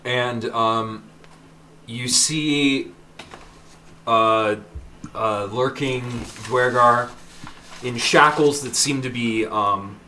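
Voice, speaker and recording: A man narrating as dungeon master, describing scenes in a halting way with many fillers. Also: mid-range voice, bright, forceful tone, a little hiss or hum. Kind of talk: narrating a tabletop game.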